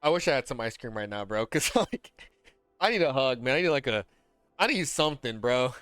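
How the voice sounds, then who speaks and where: A man ranting in casual, slangy talk as a gaming content creator, heated and animated, swearing freely. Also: mid-range voice, a little fast, smooth, no room sound, faint music behind.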